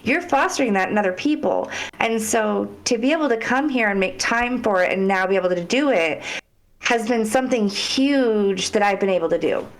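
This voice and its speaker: A woman's voice: medium pitch, animated, normal speed. A woman guest on a podcast, talking in a heartfelt, rambling way in casual interview chat.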